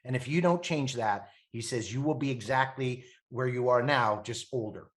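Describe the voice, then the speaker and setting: A man in his fifties from Canada, a podcast guest telling animated stories, laughing often and acting out the voices of people he quotes. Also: medium pitch, moderate pace. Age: 50s. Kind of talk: animated storytelling.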